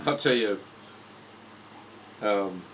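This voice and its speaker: A man's voice: lowish voice, extremely slow, fairly bright tone, slight background noise, low-quality recording. A man in his fifties from Indiana, livestreaming and telling rambling personal stories with frequent restarts and self-corrections. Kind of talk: casual storytelling monologue.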